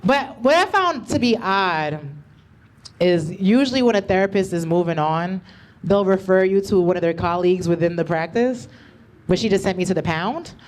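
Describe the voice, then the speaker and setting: A woman's voice: lowish voice, animated, normal speed. A woman doing a stand-up comedy set with a loose, slangy, conversational delivery. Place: comedy club stage.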